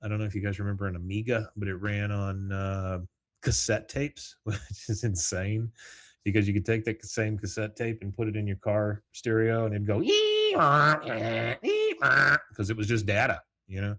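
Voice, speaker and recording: Middle-aged guy solo podcasting, lowish voice, rambles and chuckles through a recap. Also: flat delivery, fairly quick. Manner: rambling and casual, reads scenes aloud with chuckling asides. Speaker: podcast host. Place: home, with morning coffee.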